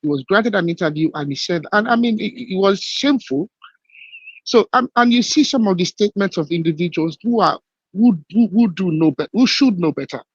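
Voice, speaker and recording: A man with a fairly high voice makes his case emphatically, repeating points and stumbling over words. His voice comes through a dull, lo-fi phone-in line, dry and close. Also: expressive, a little fast, slightly rough, no room sound. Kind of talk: live call-in debate.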